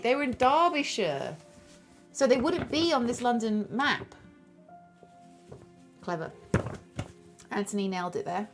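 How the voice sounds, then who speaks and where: A woman's voice: fairly high pitch, sing-song, moderate pace, long pauses, soft background music. A woman streaming a detective board game, chatting casually, thinking aloud and thanking viewers as she plays. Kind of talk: casual chat while playing a board game.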